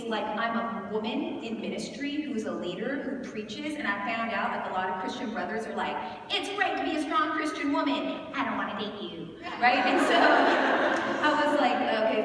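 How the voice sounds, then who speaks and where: A woman in her thirties giving a candid, animated storytelling sermon at a conference, often laughing as she talks. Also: a little high, moderate pace. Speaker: conference speaker. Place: large conference hall. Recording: echoey hall from far off, noisy.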